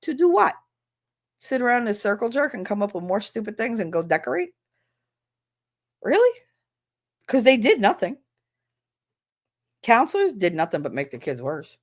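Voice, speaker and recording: Woman, ex-teacher streamer, blunt and profane, very lively delivery in a mid-range voice. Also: mid-range voice, normal speed, pauses often. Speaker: former schoolteacher. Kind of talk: casual livestream chat.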